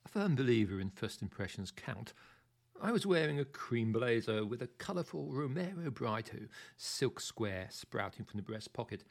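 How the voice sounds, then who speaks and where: Gravelly, arch male storyteller. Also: mid-range voice, very animated, moderate pace. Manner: theatrical and arch, savouring the words. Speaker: narrator. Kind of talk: first-person audiobook narration.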